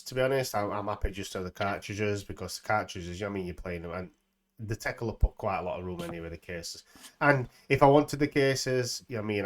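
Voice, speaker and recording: Easygoing Yorkshire man, lowish voice. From England. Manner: chatty and easygoing, calls people mate. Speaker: streamer host. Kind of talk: casual chat on a live game stream.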